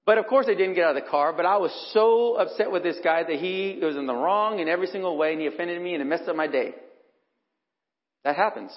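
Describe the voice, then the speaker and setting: Middle-aged male preacher, conversational storyteller, slightly high voice, muffled hall recording with long echo. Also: fast. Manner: conversational storytelling, acts out quotes. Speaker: pastor. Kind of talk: sermon with personal stories. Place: church hall. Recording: dull recording in a reverberant hall.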